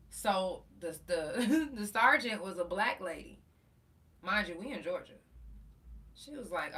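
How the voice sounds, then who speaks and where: A woman podcast host telling a story in a profane, animated way and acting out the quotes. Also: mid-range voice, unhurried, recorded from a distance. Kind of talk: casual storytelling.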